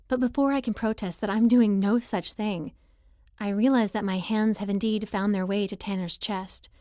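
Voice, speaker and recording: A woman narrates a first-person romance audiobook with a lively, expressive delivery at a mid pitch. The studio recording is close and completely dry. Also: dry recording.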